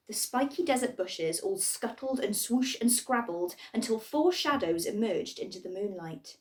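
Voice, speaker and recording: Expressive woman reading a children's story. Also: medium pitch, moderate pace, few pauses, recorded from a distance. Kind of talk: storybook read-aloud.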